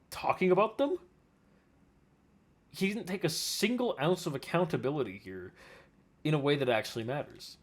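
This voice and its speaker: A man reacting to a video with exasperated, profane ranting commentary. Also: mid-range voice. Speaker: commentary streamer.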